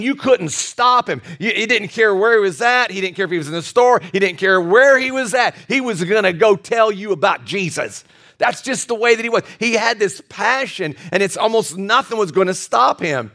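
A man with a high voice preaches a lively sermon. He talks to his church in a folksy, joking way, stumbles into restarts, and now and then bursts into loud emphasis. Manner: energetic and animated, with frequent stammered restarts and bursts of loud emphasis; folksy and humorous with the congregation. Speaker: pastor. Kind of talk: sermon with personal stories. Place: church service.

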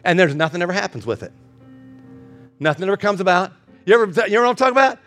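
A man preaching a sermon as pastor, building with repeated phrases and ending soft in prayer. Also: sits high, expressive, fast, soft background music.

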